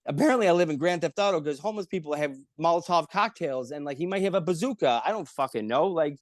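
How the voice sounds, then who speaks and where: A man telling stories in casual chat, lively and profane, acting out the people he quotes. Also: fairly high pitch, quick pace, dry recording. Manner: animated, swearing, acts out quotes in voices. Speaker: podcast guest. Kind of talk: casual storytelling.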